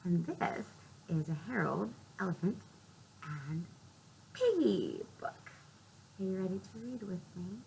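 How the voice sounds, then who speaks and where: A woman librarian reading a storytime for small children, sing-song and often dropping into soft whispers. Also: lowish voice, big pitch swings, measured pace, vocal fry, a little hiss or hum, rough recording.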